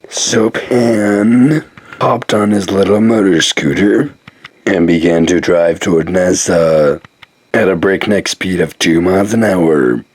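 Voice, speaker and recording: A man putting on a deep old-man voice to tell an improvised, rambling comic story full of jokes and asides. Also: slow, darkish tone, husky, dry recording.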